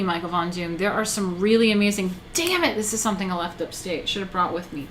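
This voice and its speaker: Low-voiced woman rambling on a stream. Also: lively intonation, brisk, few pauses, a bit bright, slight background noise. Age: 30s. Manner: rambling, swears, reads chat aloud. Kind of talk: casual live stream chat.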